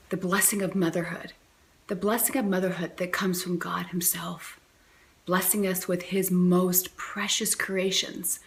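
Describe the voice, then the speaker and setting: A woman giving a gentle, reflective spiritual talk, pausing often with fillers. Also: on the low side. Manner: gentle, many pauses and fillers. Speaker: faith and motherhood speaker.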